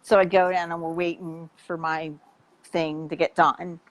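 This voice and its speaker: A woman health coach telling an animated, chatty story in casual conversation, with the odd swear word. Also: fairly low pitch, measured pace, low-quality recording.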